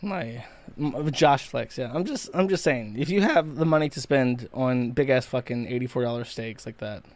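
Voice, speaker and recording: A man's voice: medium pitch, normal speed, no echo. A man hosting a live stream, ranting in a profane, mocking way. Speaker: streamer host.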